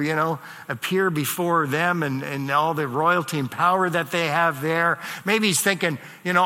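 A man's voice: fairly high pitch, bright, forceful tone. A man whose first language is German, preaching a sermon in a conversational way with asides and fillers. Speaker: pastor. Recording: long reverb of a large hall.

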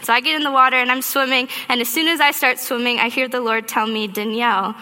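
A woman preacher giving a sermon, telling a story in a lively way and acting out her own thoughts. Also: high voice, fast. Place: church auditorium. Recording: reverberant hall.

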